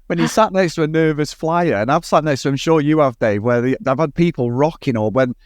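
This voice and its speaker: A man co-hosting a casual film review chat, telling sweary, animated anecdotes. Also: a little high, brisk, no room sound, studio quality. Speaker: podcast co-host.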